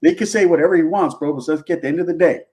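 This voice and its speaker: A man's voice: a little high, racing, a little mellow. A man with a Chicano English accent, hosting a casual, slangy chat full of acted-out quotes. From US West. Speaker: host.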